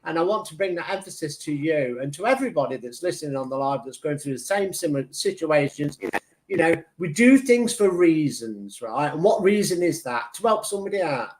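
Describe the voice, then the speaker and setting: A man's voice: a little high, lively intonation, a little fast, darkish tone. Rambling man giving a psychic reading. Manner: chatty and meandering, lots of fillers and restarts, acts out his own inner arguments. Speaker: tarot reader and medium on a live stream. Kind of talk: intuitive reading on a live stream, rambling.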